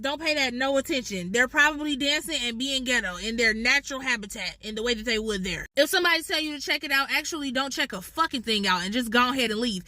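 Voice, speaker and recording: A woman with a Chicago accent talks in a high, bright voice, breaking down slang with comic, profane energy. Her voice is recorded close and dry, with no room sound. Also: no echo. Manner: animated, profane, playful. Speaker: vlogger explaining slang. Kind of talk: casual comedic explainer.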